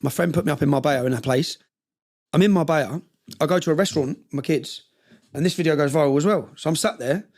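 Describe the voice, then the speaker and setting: Man, interview guest, gravelly and rapid, emotional rambling storyteller. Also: on the high side, a little mellow. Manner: passionate, rambling with restarts.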